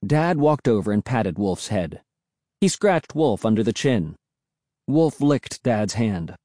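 Expressive male storybook narrator. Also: medium pitch, measured pace, no room sound, clean studio sound. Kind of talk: audiobook narration.

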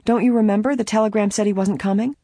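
A woman's voice: medium pitch, steady tone, fast, mellow, dry recording, studio quality, pitched above the performer's own voice, natural voice. A narrator reading an anxious young woman detective. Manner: earnest, anxious. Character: young woman amateur detective, worried but steady.

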